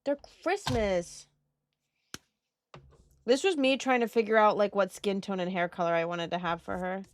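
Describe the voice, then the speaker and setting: A woman's voice: mid-range voice, normal speed. A young woman streaming while she colors, chatting casually with her chat, giggling and swearing freely.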